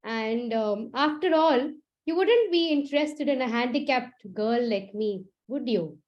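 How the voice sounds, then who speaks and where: A woman's voice: fairly high pitch, lively intonation, a little slow, highs cut off. A woman storyteller voicing a nervous young woman who stammers and hesitates with many fillers. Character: nervous young woman student, timid and halting.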